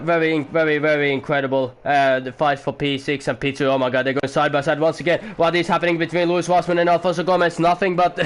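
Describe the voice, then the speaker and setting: A man doing amateur commentary on a sim race at home, excitable at times, swearing now and then, and keeping his voice down for the neighbours. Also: sits high. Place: home room.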